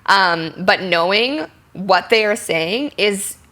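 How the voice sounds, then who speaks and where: A young adult actress chatting in an interview, explaining acting with frequent ums and likes and acting out example lines. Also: female voice, mid-range voice, animated, slow, pushed and bright. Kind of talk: candid interview conversation.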